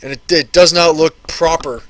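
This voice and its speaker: A man's voice: fairly high pitch, steady tone, normal speed, fairly bright tone, a little hiss or hum. A man in his thirties casually chatting on a live stream, answering viewer questions and rambling and repeating phrases.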